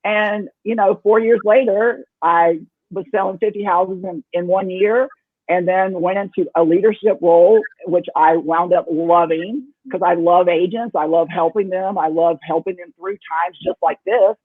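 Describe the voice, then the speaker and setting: A woman's voice: fairly low pitch, fairly even intonation, normal speed, no room sound. A woman speaking as an upbeat real estate leader on a tinny call. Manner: upbeat, earnest, playful. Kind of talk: casual video-call panel talk. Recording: tinny phone-like call audio.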